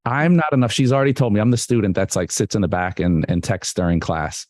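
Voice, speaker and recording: A man's voice: on the low side, fast, darkish tone, no echo, studio quality. A man hosting a live online photography talk, playful and joking with his guest. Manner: playful, jokey, puts on a radio voice. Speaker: event host.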